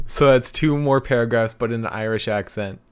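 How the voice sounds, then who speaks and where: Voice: mid-range voice, moderate pace, clear, resonant tone. Podcast co-host, mid-range voice, laid-back, laughs often, casual stream chat. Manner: laid-back, laughing, keeps track of donations.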